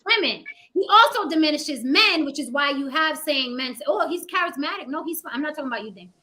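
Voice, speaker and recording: A woman hosting a heated panel discussion, emphatic and profane, sometimes mimicking men in a low mocking tone. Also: expressive, a little fast, bright, forceful tone. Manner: acts out men's voices in a low mocking tone. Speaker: panel host.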